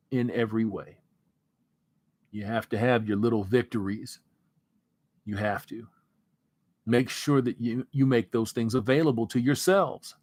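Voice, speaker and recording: Hosting a casual livestream, a man reads viewer comments in a relaxed, rambling way, then slides into an earnest pep talk. His voice is medium-pitched, and there's no echo.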